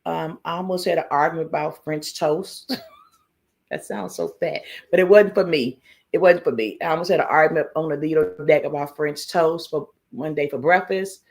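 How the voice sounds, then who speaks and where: A woman's voice: low voice, moderate pace, vocal fry. A woman hosting a casual live stream, telling stories animatedly, laughing often, swearing freely and greeting chat viewers by name. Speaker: livestream host.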